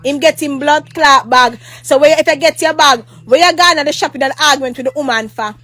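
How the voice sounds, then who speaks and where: This vlogger speaks in a high, bright, pushed voice at a fairly quick clip, captured in a dry recording. With a Jamaican accent, she delivers a heated, meandering storytime rant full of repetition, frequent cursing, and bursts of mock prayer.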